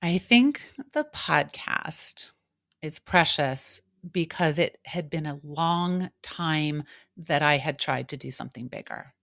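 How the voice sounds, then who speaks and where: A middle-aged woman with a notably low voice speaks candidly and reflectively, like a coach opening up in conversation. She slips into animated quoted voices now and then. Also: takes it slowly, vocal fry. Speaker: coach and podcast host.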